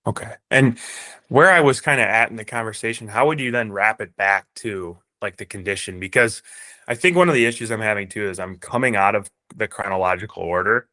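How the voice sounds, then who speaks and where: A man's voice: fairly low pitch, brisk, sharp tone. A man asking a colleague for advice, hesitant and thinking aloud as he talks. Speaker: real estate agent asking for advice. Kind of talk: casual chat.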